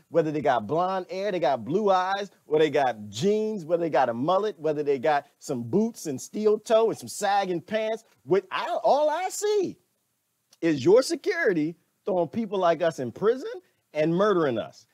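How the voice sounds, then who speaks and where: Animated man ranting on a livestream. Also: fairly high pitch, no room sound. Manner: animated, laughing, talks back to chat comments. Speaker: livestream host. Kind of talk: casual livestream rant.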